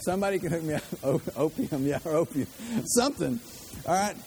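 A man's voice: on the high side, fairly quick, mellow, a little hiss or hum. A man preaching a sermon as pastor, chatty and conversational, with joking asides to the congregation.

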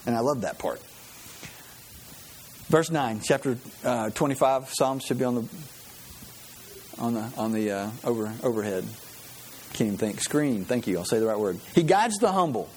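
A man's voice: medium pitch, moderate pace, pauses often, darkish tone, slight background noise. A man preaching a sermon in a conversational way, often asking the listeners questions. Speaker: pastor.

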